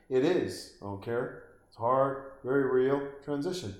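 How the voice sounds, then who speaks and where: A man's voice: medium pitch, normal speed. Man, comedic movie reaction, swearing, mocking rant, echoey room. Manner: swearing, animated, mocking, acts out voices.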